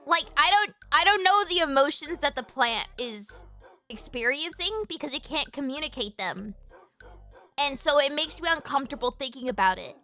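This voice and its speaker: A woman streams live, talking off the cuff in a high, bright voice. Her thoughts spill out with "like" at every turn, casual swearing, and sudden excited squeals. Faint music plays softly in the background. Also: normal speed. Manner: rambling, filler-heavy, swears freely, animated squeals. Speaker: livestreamer. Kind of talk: casual chat on a livestream.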